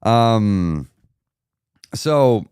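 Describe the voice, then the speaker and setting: A man's voice: lowish voice, expressive, very slow, darkish tone, clean tone, dry recording, studio quality. A man hosting a weight loss live stream, giving an emphatic, repetitive motivational talk and reading out viewer comments.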